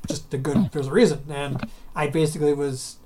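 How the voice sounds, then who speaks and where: A man's voice: fairly high pitch, brisk, noisy background. A man co-hosting a podcast in casual chat, joking, laughing often and trailing off mid-sentence. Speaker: podcast co-host.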